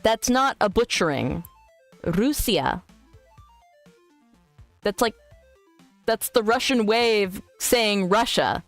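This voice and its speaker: A woman streaming as a VTuber, chatting loosely with her viewers and answering their messages out loud. Her voice is smooth and clean, pitched in a middle range, and she swears freely between jokes and teasing. Faint music plays behind her. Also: lively intonation, unhurried, dry recording. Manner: crude, joking, teasing. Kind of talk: casual live-stream chat, reading viewer messages aloud.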